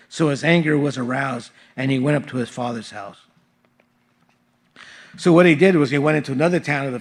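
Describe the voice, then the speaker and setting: Male pastor, mid-range voice, informal verse-by-verse sermon in a church. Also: mid-range voice. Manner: casual, conversational teaching with frequent fillers. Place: church sanctuary.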